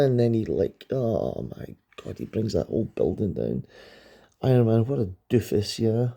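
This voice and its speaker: A man's voice: fairly low pitch, big pitch swings, moderate pace, vocal fry, dark tone. A middle-aged man reviewing an old comic book in a casual vlog, rambling and enthusiastic, with lots of ums and restarts.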